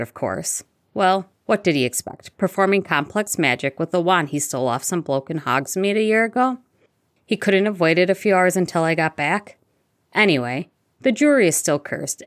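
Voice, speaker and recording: A woman's voice: sits low, no echo, studio quality. A woman reading fan fiction aloud, voicing a wry, teasing middle-aged male wizard.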